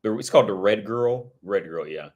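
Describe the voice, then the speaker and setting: A man with a slightly low voice rambles through a casual livestream chat. He talks loosely, full of fillers and swearing, and he jumps into excited outbursts. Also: normal speed. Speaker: streamer.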